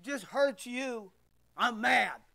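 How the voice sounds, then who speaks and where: A man's voice: extremely high pitch, drawn-out words, vocal fry, sharp tone. A man preaching a sermon as pastor, emphatic and rhetorical, repeating his phrases.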